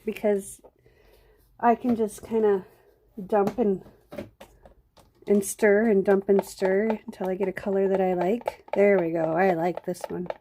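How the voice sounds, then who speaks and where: A woman's voice: mid-range voice, dark tone, a little hiss or hum. A middle-aged woman hosting a live painting stream, chatting casually and rambling to viewers while she works, with hiccups. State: has hiccups. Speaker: live-stream craft host.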